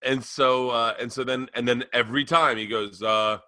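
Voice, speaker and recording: Male podcast co-host, bright tone, loose storyteller, swears freely. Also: mid-range voice, steady tone, moderate pace, dry recording. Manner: rambling storyteller, acts out exchanges; profane. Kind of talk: casual comedic chat.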